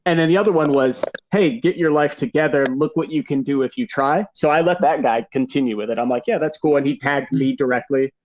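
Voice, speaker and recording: A man from Michigan hosting a podcast, telling stories in a relaxed, laughing way. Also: medium pitch, a little fast, hardly any pauses. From Grand Rapids, Michigan. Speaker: podcast host. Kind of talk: casual chat. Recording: slightly dull lo-fi sound.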